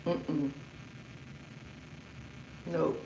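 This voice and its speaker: A woman's voice: very slow, dark tone, a little hiss or hum. A middle-aged woman hosting a livestream, ranting in a blunt, outspoken way and swearing freely. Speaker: livestream host. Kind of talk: casual livestream rant. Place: indoors at home. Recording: echoey room.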